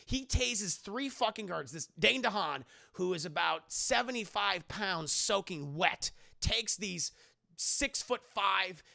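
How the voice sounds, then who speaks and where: Gravelly, bright-voiced man recapping a film. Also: high voice, expressive, takes it slowly. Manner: sarcastic, profane, acts out quotes; addresses chat directly. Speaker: streamer film reviewer. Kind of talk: casual spoiler review recap.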